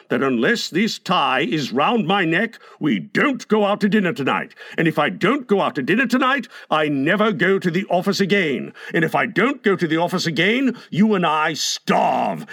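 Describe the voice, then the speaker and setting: A man's voice: high-pitched, a bit bright, no room sound, studio quality, pitched above the performer's own voice, full character voice. A man voicing a pompous, blustering father who rants with theatrical sarcasm in an audiobook. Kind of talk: audiobook character voice.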